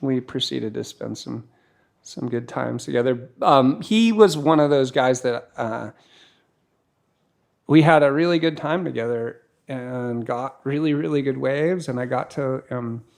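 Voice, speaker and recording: A man's voice: medium pitch, measured pace, creaky. A man in his fifties from California, a surfer and filmmaker, telling stories casually and acting out the dialogue. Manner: animated, acts out dialogue, restarts often. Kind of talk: casual storytelling.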